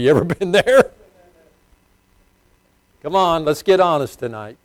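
Older preacher with a dry, close sound. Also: male voice, animated, measured pace, long pauses, no echo. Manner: swings from loud emphatic bursts to quiet low asides; chuckles and asks the congregation questions. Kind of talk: sermon.

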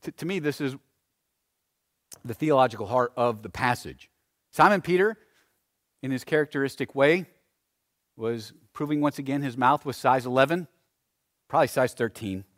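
A man preaching a sermon, swinging between loud emphasis and hushed phrases, often repeating words as he presses a point. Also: medium pitch, normal speed, long pauses. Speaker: pastor.

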